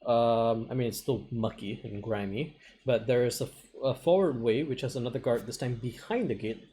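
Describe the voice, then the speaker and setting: A man's voice: mid-range voice, moderate pace, warm tone, slight background noise. Laughing man running a tabletop game. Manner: laughs often, swears casually. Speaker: game master. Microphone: online call.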